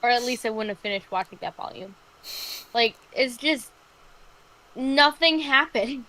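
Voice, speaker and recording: A woman's voice: on the high side, moderate pace, a bit bright, slight background noise, poor audio. A woman co-hosting a casual live stream chat, ranting emphatically about a show. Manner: emphatic, exasperated rants. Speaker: podcast co-host.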